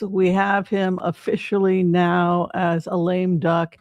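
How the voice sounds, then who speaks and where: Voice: medium pitch, fairly even intonation, slow pace, hardly any pauses, dry recording, clean studio sound. A psychic tarot reader giving casual livestream commentary in a chatty way, often asking the audience rhetorical questions.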